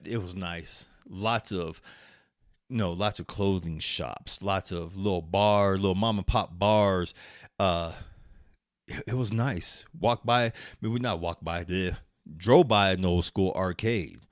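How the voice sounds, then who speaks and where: A man's voice: low voice, no echo, clean studio sound. A middle-aged man from Arizona hosting his vlog, telling a casual story with free swearing, frequent laughs and many restarts. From Arizona, USA. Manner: chatty, swears freely, laughs often, restarts sentences. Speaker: vlog host.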